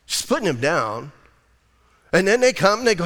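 Animated, lively-voiced male pastor preaching. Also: high voice, fairly quick, in a large hall. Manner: animated, conversational preaching with slang and acted-out quotes. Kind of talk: sermon. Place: church sanctuary.

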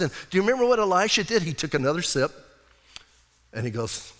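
Animated male pastor in an echoing church. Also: a little high, fast. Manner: casual, animated storytelling. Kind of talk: sermon. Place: church sanctuary. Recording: long church reverb.

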